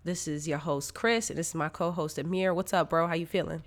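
A man's voice: fairly high pitch, steady tone, fairly quick, a bit bright. A congested man hosting a sports podcast in loose, casual chat with lots of fillers. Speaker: podcast host.

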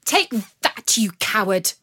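A woman voicing a fiery, high-spirited young lady who speaks in a defiant, forceful way in a storybook reading. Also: big pitch swings, takes it slowly, no echo, studio quality, exaggerated voice.

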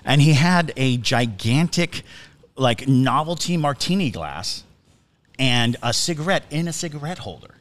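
Animated man telling a story. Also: medium pitch, a little slow. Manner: animated storyteller, frequent restarts and chuckles. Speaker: podcast co-host. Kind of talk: casual storytelling chat.

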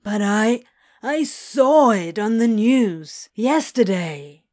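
A woman voicing an awkward, sulky male demon who drawls and mumbles slowly. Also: lowish voice, darkish tone, dry recording, clean studio sound. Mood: sheepish.

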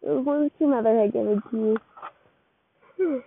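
A woman's voice: on the high side, a little slow, creaky, noisy background. A woman casually reading a second-person fan fiction story aloud, with a loose, rambling delivery full of slips and restarts. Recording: tinny, phone-like dry recording.

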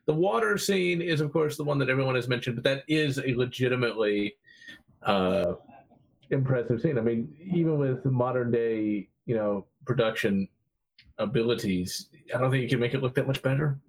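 Podcast co-host: easygoing, joking man, mid pitch. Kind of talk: casual podcast chat.

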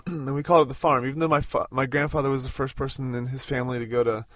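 A man's voice: medium pitch, flat delivery, quick pace, no echo. Casting: man in his thirties, podcast host, casual road-trip chat, dry close sound, rambling. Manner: rambling, with many fillers and restarts.

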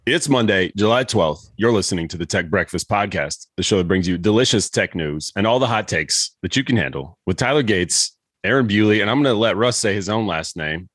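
A man runs a relaxed podcast chat. His voice sits very low, and he keeps things joking and easygoing. The sound is dry and close. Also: fairly quick, hardly any pauses, slightly rough, no echo. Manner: laughs often, joking and loose. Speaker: podcast host. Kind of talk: casual podcast banter.

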